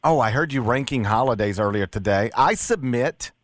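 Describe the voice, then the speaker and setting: A man's voice: medium pitch, expressive, moderate pace, no echo, clean studio sound. A middle-aged man hosting a casual talk radio show, making his case with stammered restarts. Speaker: radio host.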